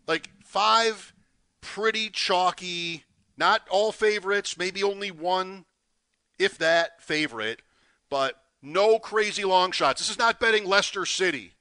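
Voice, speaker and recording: A man's voice: sits high, unhurried, pushed and bright, clear, resonant tone, no room sound. A man co-hosting a sports talk show, chatting casually about a bet and teasing out the payout. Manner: builds suspense, teasing. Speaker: co-host. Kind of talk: sports betting radio chat.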